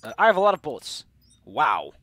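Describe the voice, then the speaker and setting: A man's voice: mid-range voice, wildly swooping pitch, brisk, a bit bright. A young man streaming a video game, rambling in sarcastic, casual commentary that is full of swearing. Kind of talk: casual let's-play commentary.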